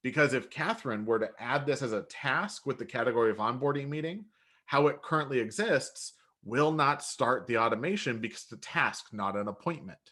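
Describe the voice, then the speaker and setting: Male co-host, average pitch, chatty and quick to add tips. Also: animated, pushed and bright. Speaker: co-host answering viewer questions. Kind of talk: live webinar instruction.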